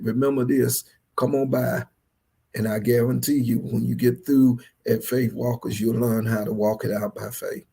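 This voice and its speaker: Gravelly Southern US pastor preaching. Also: male voice, medium pitch, level tone, moderate pace, warm tone. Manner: preachy, repetitive, rising to fervent energy. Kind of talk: livestreamed sermon.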